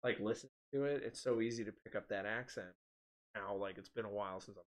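A man's voice: fairly low pitch, fast talker. A man in casual chat, telling stories animatedly, laughing often and acting out quotes.

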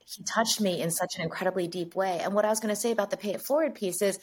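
A woman from the United States, a guest in an interview, telling stories in a lively way and acting out the dialogue. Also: mid-range voice, fast talker, a little hiss or hum. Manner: lively storyteller, acts out dialogue. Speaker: guest, agency chief executive. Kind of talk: interview storytelling.

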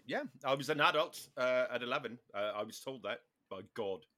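A man's voice: medium pitch, moderate pace, sharp tone. A man with a Northern Irish accent hosting a podcast, chatting casually with dry, joking asides. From Northern Ireland. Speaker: podcast host. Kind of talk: casual comedic chat.

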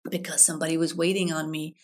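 A woman's voice: low voice, level tone, fast talker. A middle-aged woman hosting a podcast as a life coach, chatting casually, telling stories and guiding a breathing exercise. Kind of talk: casual solo podcast talk.

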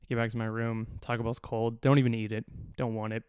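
A man hosting a podcast, telling a long personal story in a profane, animated, self-mocking way. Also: mid-range voice, fast, clear, resonant tone, no room sound, studio quality. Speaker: podcast host. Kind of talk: casual storytelling.

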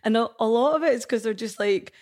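A woman in her thirties with a Scottish accent, a podcast guest chatting casually, quick to laugh and full of "like". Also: a little high, darkish tone. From Scotland. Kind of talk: casual chat.

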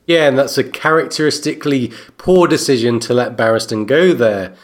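A man co-hosting a book discussion podcast, narrating and analyzing in a steady way. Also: medium pitch, moderate pace. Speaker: co-host.

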